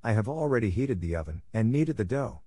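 Cruel old witch read by a guy, bossy and mocking, lowish voice. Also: sing-song, a little fast, mellow, no room sound, studio quality. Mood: commanding. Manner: mocking, commanding.

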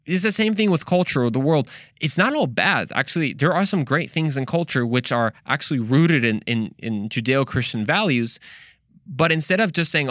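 A man's voice: medium pitch, lively intonation, fairly quick, fairly bright tone, no echo, clean studio sound. A man hosting a faith podcast, talking to listeners in an earnest, conversational way that turns preachy, with playful asides. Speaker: podcast host.

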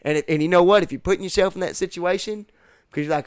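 A man with a fairly high voice rants bluntly in a relaxed podcast chat, swearing freely and dropping rural slang like "ain't" and "y'all". The sound is dry and close, with no room echo. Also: fast, smooth. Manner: blunt, profane, emphatic rant. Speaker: podcast guest. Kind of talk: casual chat.

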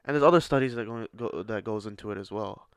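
A man's voice: fairly low pitch, fast talker, smooth, no echo. A man co-hosting a casual podcast chat with his son, teasing him and laughing often. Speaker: podcast co-host.

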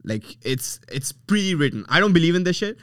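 A man co-hosting a podcast, telling a story in a laid-back, halting way with lots of fillers. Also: a little high, very animated, a bit bright, no room sound, studio quality. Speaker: podcast co-host. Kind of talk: casual podcast banter.

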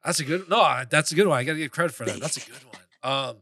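A man's voice: on the high side, rapid-fire, pushed and bright, slightly rough, no echo, clean studio sound. A young man from Queens, New York, chatting as a podcast guest, joking, laughing often and cursing, then apologizing. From Flushing, Queens, New York. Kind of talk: casual chat.

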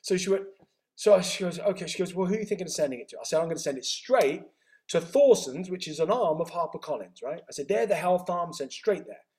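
A middle-aged man, his voice sitting fairly high for a man. He tells his story in an animated, conversational way and slips quickly into the voices of the people in it. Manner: animated, acts out dialogue with quick reported speech. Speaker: interview guest.

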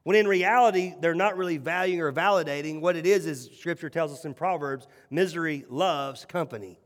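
High-voiced preacher man in a reverberant hall. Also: fairly quick. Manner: animated, emphatic storytelling with repeated phrases. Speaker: pastor. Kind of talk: sermon.

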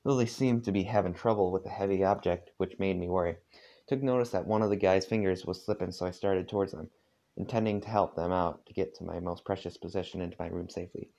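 A tired man casually reading a story aloud at home, halting often with asides. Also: low voice, steady tone, vocal fry, mellow. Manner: halting, with frequent asides and filler. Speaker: fanfiction reader. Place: dark room at home.

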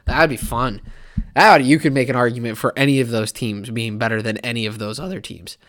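Give me a man casually ranting on a sports podcast, lively and rambling. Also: medium pitch, fairly quick. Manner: animated, rambling, jumps into mock fan voices. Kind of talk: casual college football opinion talk.

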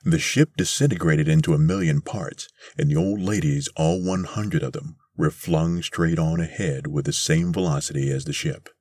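A man hosting a podcast, reading a short story aloud in a measured, deliberate way from a mobile studio. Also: very deep voice, steady tone, a little mellow, no room sound. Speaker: podcast host and reader. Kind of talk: scripted narration of a short story. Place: mobile studio in a converted school bus.

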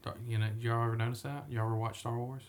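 A man's voice: medium pitch, steady tone, fast talker. A man hosting a podcast in casual, joking chat, laughing often and wandering into tangents. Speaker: podcast host.

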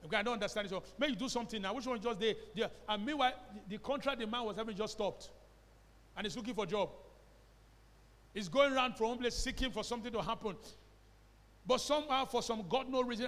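A man's voice: sits high, fast, a bit bright, big-room sound. A man with a Nigerian accent preaching a sermon as a pastor, emphatic, asking the congregation questions and slipping into Pidgin phrases. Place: church hall.

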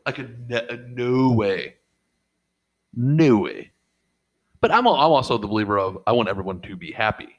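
A middle-aged man talks casually and swears freely. He rambles from story to story and acts out what people said. His voice sits at an ordinary middle pitch. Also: animated, fast talker, hardly any pauses, fairly bright tone, highs cut off. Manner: profane, rambling storyteller who acts out quotes. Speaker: podcast co-host and father. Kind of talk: casual chat.

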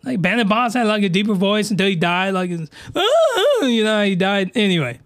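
A man hosting a podcast, delivering an excitable, slangy, rambling comedic rant full of mockery. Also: sits high, brisk, no room sound. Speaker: podcast host reviewing anime.

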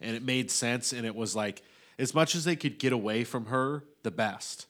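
A man's voice: mid-range voice, moderate pace, a bit bright. A young man in casual chat, blunt and opinionated, swearing freely.

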